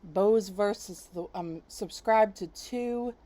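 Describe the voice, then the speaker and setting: A woman hosting her own channel, chatting casually and enthusiastically, rambling with fillers and soft laughs. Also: mid-range voice, takes it slowly. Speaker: YouTube channel host. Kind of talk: casual chat, recommending channels.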